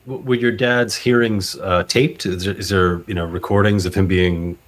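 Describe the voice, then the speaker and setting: A man hosting a casual podcast conversation, talking haltingly with frequent "uh" and "you know.". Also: deep voice, steady tone. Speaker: podcast host.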